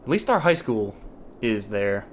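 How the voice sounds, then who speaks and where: A man's voice: fairly low pitch, big pitch swings, unhurried, slight background noise. A man hosting a let's play, talking casually as he thinks aloud, restarting sentences and trailing off, with mild exasperation. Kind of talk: casual gameplay commentary.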